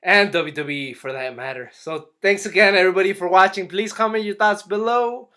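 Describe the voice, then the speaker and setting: A man with a higher-than-usual voice talks through a wrestling episode in a loose, casual review. He restarts his sentences often and slips into little acted-out quotes. The delivery is relaxed and chatty. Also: brisk, clear, resonant tone. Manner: rambling, restarts often, acts out quotes animatedly. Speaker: YouTube wrestling and boxing reviewer.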